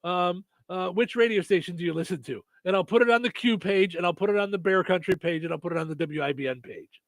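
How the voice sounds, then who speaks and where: A man's voice: sits high, fast talker, dry recording. A man hosting a radio morning show, chatting casually with many fillers and restarts. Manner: rambling, lots of fillers and restarts.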